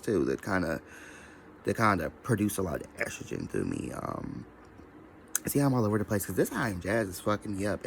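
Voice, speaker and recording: A man with a lowish voice rambles through a casual vlog rant, jumping from point to point and cursing freely. A faint hum sits under the recording. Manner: scattered, profane, mimics others in quoted voices. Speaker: social media commentator.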